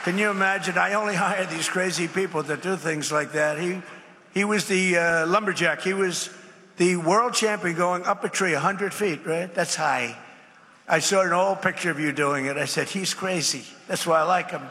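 A man's voice: high-pitched, moderate pace, pushed and bright, slight background noise. Man giving a rambling, emphatic speech. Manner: repetitive, emphatic, rambling asides. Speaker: speaker at a public event. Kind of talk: off-the-cuff rally speech. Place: large event space. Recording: reverberant hall with faint ambience.

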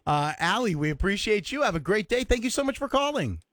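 Lively high-voiced male radio host. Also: brisk, no room sound. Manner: animated, laughs along with callers. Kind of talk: call-in radio chat.

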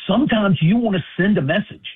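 A man, a guest on a sports radio show, talking casually and haltingly, with many restarts. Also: sits high, slightly rough. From Alabama. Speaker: guest, sports agent and author. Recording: tinny phone line.

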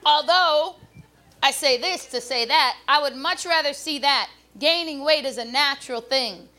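A woman doing a stand-up comedy routine on a club stage with a handheld mic, brash and loud with punchy delivery. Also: high-pitched, measured pace.

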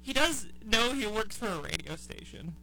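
A man's voice: sits high, expressive, moderate pace, pushed and bright, soft background music, rough recording. A man co-hosting a radio talk show, trading casual banter with dry joking asides. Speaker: radio co-host.

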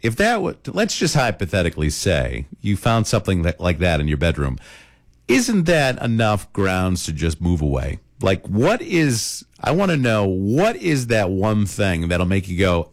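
Gravelly, lively male radio host. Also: low voice, moderate pace. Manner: chatty storytelling with laughs and fillers. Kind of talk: casual radio chat.

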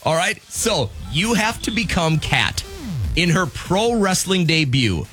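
A man's voice: high-pitched, very animated, measured pace, sharp tone, faint music behind. A man hosting a morning radio show, running a call-in contest with joking game-show patter. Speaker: radio host.

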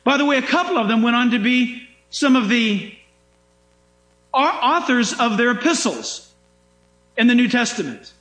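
High-voiced, animated male pastor preaching. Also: moderate pace, long pauses. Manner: animated, emphatic preaching with dramatic asides. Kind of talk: sermon. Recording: echoey room.

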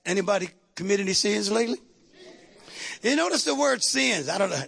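High, gravelly-voiced preaching man. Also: lively intonation, fairly quick, long pauses. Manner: fervent, shouting call-and-response preaching. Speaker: pastor. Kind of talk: sermon.

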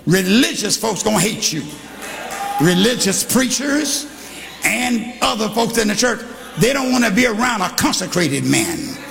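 Older preacher man shouting n singing his sermon, high gravelly voice, big echoey church. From Texas. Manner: storytelling, call-and-response, shouting, singsong. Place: church hall. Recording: live in a reverberant church with congregation.

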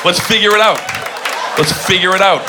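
A man doing a stand-up comedy set, telling a story in an excitable, playful way. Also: high voice, fairly quick, loud music behind the voice. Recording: live club, crowd and room noise. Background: audience laughing.

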